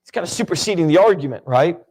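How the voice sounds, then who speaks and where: A young man leads a Bible class in an easygoing, conversational tone. His voice sits a little high for a man. He keeps turning to his listeners with questions. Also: lively intonation, quick pace, darkish tone, breathy edge. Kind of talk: casual Bible class teaching.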